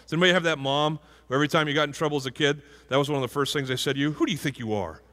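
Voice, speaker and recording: Man, pastor, conversational sermon, bright tone, reverberant church hall. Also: a little high, fairly even intonation, racing. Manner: conversational, asks the congregation questions. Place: church sanctuary.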